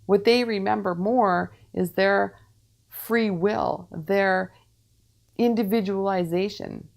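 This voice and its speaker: In a creaky, medium-pitched voice, a woman channels spiritual teaching as a medium. She speaks in a measured manner, pausing calmly and repeating her phrases.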